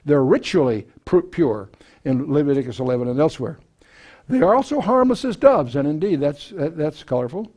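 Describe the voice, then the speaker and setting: A man's voice: on the high side, animated, brisk, darkish tone. A man teaching a Bible passage verse by verse to a live audience, in a conversational way with folksy asides, frequent fillers and restarts. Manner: folksy asides and self-deprecating humor.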